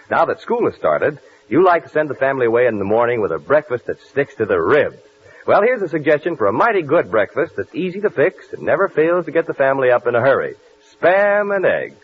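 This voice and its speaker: A man reading a commercial as the announcer of a 1940s radio show, in a smooth sales pitch. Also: a little hiss or hum. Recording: tinny 1940s radio broadcast.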